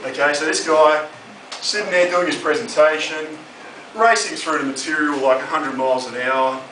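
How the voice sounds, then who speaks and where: A man's voice: a little high, normal speed. A young Australian man doing a crude, sardonic stand-up comedy set on a club stage. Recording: roomy, distant live club recording with audience noise.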